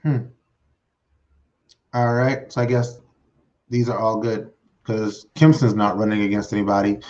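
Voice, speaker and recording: A man hosting his own solo talk show, excited and rambling, with lots of fillers and restarts as he talks at his computer. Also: lowish voice, measured pace, muffled recording. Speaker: host. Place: home desk setup with green screen.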